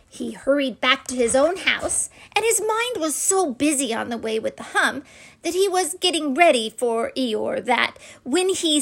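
A woman reads a children's storybook aloud in a soft, friendly way to her listeners. Her voice is high and her pace is unhurried, with a light gravelly fry on the ends of phrases.

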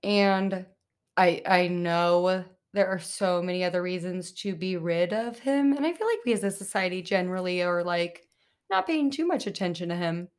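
A woman's voice: lowish voice, lively intonation, normal speed, clear, resonant tone. Chatty young woman ranting on a podcast. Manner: chatty, lots of "like" and "um", swearing, laughing asides. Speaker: podcast host. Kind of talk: casual solo podcast rant.

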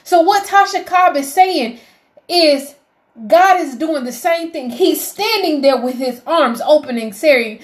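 A woman's voice: high-pitched, animated, a little slow. A woman giving a heartfelt devotional talk, emotional and preacherly, rising to fervent appeals. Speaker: faith vlogger.

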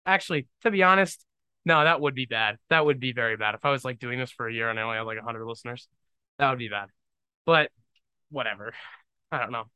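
Bright-voiced young man rambling jokingly. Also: mid-range voice, fast, clear, resonant tone, no echo. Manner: rambling, self-deprecating and joking. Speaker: podcast host. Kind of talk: casual solo podcast monologue.

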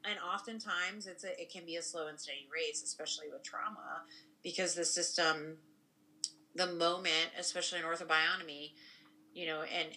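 Low, bright-voiced woman talking casually. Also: poor audio. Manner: rambling, frequent "right?" tag questions. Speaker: podcast co-host and spiritual practitioner. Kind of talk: casual conversation.

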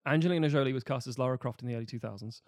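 A man's voice: mid-range voice, very fast, no room sound, studio quality. A man co-hosting a casual film chat, rambling and swearing as he talks through examples.

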